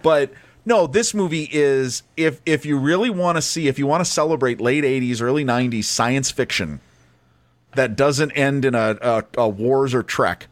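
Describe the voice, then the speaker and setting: A podcast co-host chats enthusiastically and casually about movies, frequently restarting his sentences. He has a medium-pitched voice at a moderate pace, recorded with no room sound.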